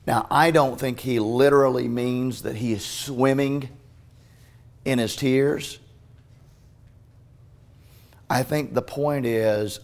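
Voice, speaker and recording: A male pastor preaching a sermon in a church, swinging between hushed, tender passages and loud, urgent ones, with frequent restarts. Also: mid-range voice, fairly even intonation, takes it slowly. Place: church sanctuary.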